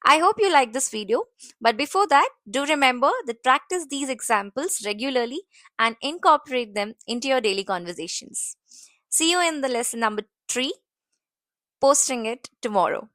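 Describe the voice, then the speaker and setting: A woman teaching a beginner lesson, saying model phrases slowly and deliberately. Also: high-pitched, animated, a bit bright, no echo, clean studio sound. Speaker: English teacher.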